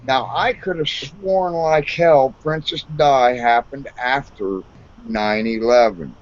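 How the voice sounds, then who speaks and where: A man's voice: mid-range voice, takes it slowly. A man talking in a casual group voice chat, rambling and hesitant. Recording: dull lo-fi voice chat audio.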